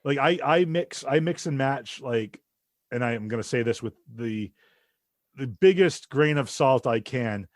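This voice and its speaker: A man's voice: mid-range voice, lively intonation, unhurried, no room sound, clean studio sound. A man hosting a podcast, chatting casually and joking around. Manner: goofy, jokey, trails off into bits. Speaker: podcast host. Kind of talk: casual chat.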